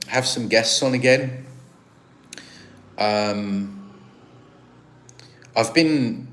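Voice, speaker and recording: An English man hosting a live stream, chatting casually and answering viewer comments in a rambling, easygoing way. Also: on the low side. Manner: rambling, chatty, with frequent restarts and laughs. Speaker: livestream host. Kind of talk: casual livestream chat reading viewer comments.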